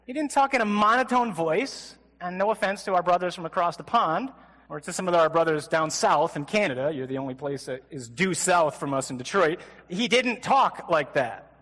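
A priest preaches to a men's conference with humor and energy, sometimes mimicking a flat, droning reader. His voice sits a touch high. A long hall reverb trails behind every phrase. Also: moderate pace. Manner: animated, joking, mimics flat gospel readings. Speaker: Catholic priest. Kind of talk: conference sermon.

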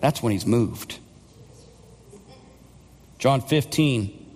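A man preaching a Sunday sermon at a mid pitch, pressing his points with loud, emphatic bursts. His voice rings through the long reverb of a church sanctuary. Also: normal speed. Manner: preaching with rising, near-shouted emphasis. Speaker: pastor.

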